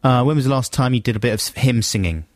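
A man's voice: mid-range voice, fast, no room sound, clean studio sound. A middle-aged man co-hosting a radio show in casual, playful banter, laughing often. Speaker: radio co-host.

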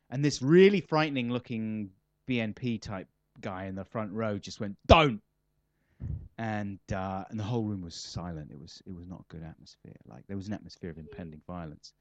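A man's voice: lowish voice, darkish tone, no echo. A man, a comedian being interviewed, chatting casually in a rambling, self-mocking, wry way. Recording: slightly muffled dry recording.

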